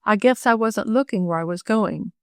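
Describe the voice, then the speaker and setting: A woman's voice: normal speed, no echo, natural voice. A woman voicing a shy, tearful teenage girl who stammers and hesitates, in an audiobook reading. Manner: stammering, hesitant, low-voiced.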